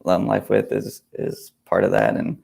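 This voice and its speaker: A man who is a guest on a podcast, chatting in a hesitant, halting way. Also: fairly low pitch, fairly even intonation, gravelly, darkish tone, breathy edge. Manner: hesitant, halting, many fillers and restarts. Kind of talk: casual podcast chat.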